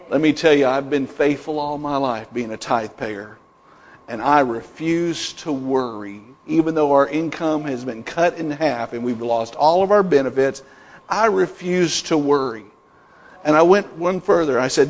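A man's voice: fairly high pitch, moderate pace, a little hiss or hum. A middle-aged male pastor preaching a sermon, building emphasis through repeated declarations. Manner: preaching with rising emphatic repetitions. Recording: long reverb in a hall.

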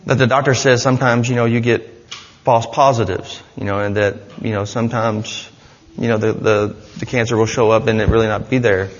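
A man's voice: medium pitch, fairly even intonation, a little fast, in a large hall, highs cut off, slight background noise. A man giving an earnest, rambling personal testimony in church, with many restarts. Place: church hall.

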